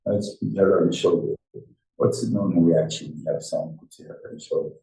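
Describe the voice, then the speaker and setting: A man's voice: low voice, fast talker, gravelly, recorded from a distance. An older man giving an informal Torah class, telling stories and acting out the dialogue. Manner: animated storytelling, acts out dialogue. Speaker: rabbi teaching a Torah class. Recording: roomy, from off the mic.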